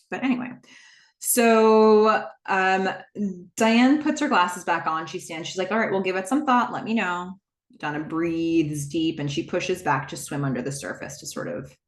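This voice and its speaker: A woman hosting a podcast, chattily recapping a TV episode with rambling asides and fillers. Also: on the low side. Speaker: podcast host. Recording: roomy echo.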